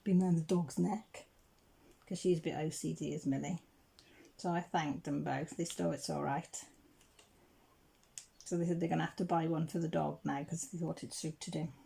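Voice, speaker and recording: A middle-aged English woman telling a rambling home story while crafting, clearing her throat now and then. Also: deep voice, steady tone, moderate pace, mellow. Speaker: crafting channel host.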